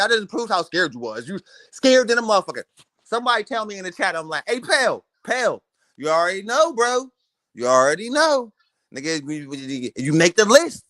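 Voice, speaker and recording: A man's voice: high-pitched, sharp tone. A man giving profane, mocking boxing commentary to his live stream, laughing and repeating himself. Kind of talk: trash-talking boxing commentary.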